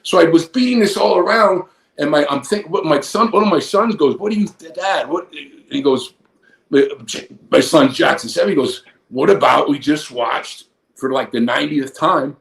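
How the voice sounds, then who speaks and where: A former pro wrestler in his fifties, appearing as a guest, tells a long, rambling, profanity-laced story in a casual way. His voice is a little high, a bit bright and creaky, at a normal speed. The room is echoey.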